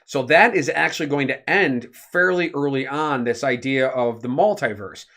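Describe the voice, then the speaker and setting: A man co-hosting a casual podcast, explaining at length in an animated, rambling way with many fillers. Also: medium pitch, normal speed. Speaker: podcast co-host.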